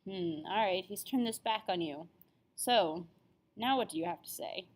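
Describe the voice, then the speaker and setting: A woman's voice: medium pitch, normal speed. A young adult woman teaching an introductory language lesson, upbeat and careful over pronunciation. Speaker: French teacher. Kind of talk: classroom lesson video.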